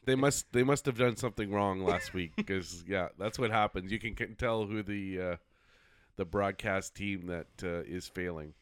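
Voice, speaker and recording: A man co-hosting a sports podcast in a casual chat, relaxed and agreeable, often giving short replies. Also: low-pitched, moderate pace, clean tone, no echo. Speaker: podcast co-host.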